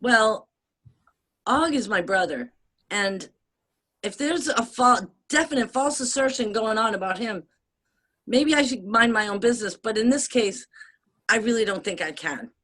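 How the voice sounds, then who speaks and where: Bright-voiced chatty American woman. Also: on the high side, a little slow, pauses often. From United States. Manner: animated, laughs often, swears, rambling with restarts. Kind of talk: casual chat.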